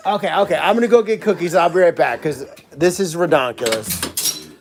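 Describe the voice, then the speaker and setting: A man caring for animals at a sanctuary, chatting casually and excitedly on a livestream and thanking donors as he goes. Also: on the high side, brisk. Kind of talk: casual live-stream chat.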